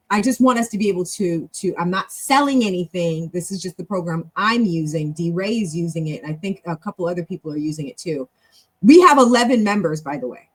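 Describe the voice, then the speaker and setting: A middle-aged woman hosts a relaxed live stream and talks quickly. Her voice jumps high and loud when she gets excited, then drops back to easy conversation. She often restarts her sentences as she goes. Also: husky. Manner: animated and chatty, with big jumps in pitch and loudness; talks fast, with self-corrections. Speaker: show host and club leader. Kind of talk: casual live-stream talk.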